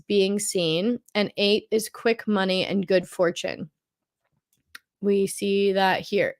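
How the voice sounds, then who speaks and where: A chatty middle-aged woman walks through a monthly feng shui forecast over slides. She thinks aloud as she goes, circling back and repeating phrases while she searches for words, at an ordinary pitch.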